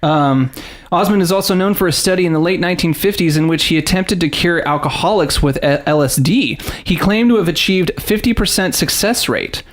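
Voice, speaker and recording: A man with a high, brisk voice hosts a relaxed podcast conversation. He's an animated storyteller who laughs a lot and reads facts aloud.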